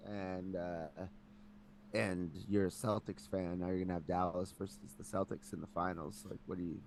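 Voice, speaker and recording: Low-voiced joking podcast co-host. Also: male voice, flat delivery, normal speed, a little mellow, a little hiss or hum. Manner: joking, sarcastic banter, profane. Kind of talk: casual chat.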